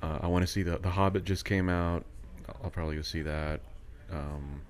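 A man's voice: deep voice, fairly even intonation, a little fast. A man co-hosting a podcast in casual chat, rambling and hesitant. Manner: rambling, hesitant, many fillers and restarts. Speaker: podcast co-host.

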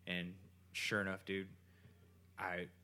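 A man's voice: sits low, completely flat delivery, slow, bright, forceful tone, smooth. A man casually telling a rambling, profane story in his home kitchen, often restarting his sentences.

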